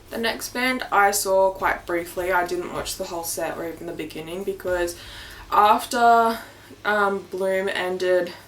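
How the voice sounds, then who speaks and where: A young Australian woman vlogging in a casual, excitable way, laughing often and swearing casually. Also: lowish voice, a little hiss or hum. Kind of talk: casual chat.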